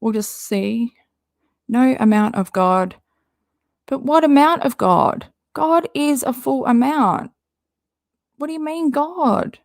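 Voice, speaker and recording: A woman's voice: high-pitched, lively intonation, slow, gravelly, pauses often, no echo, studio quality. A woman doing casual commentary, reading social media posts aloud with an exasperated, rambling manner and frequent swearing. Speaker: commentary YouTuber.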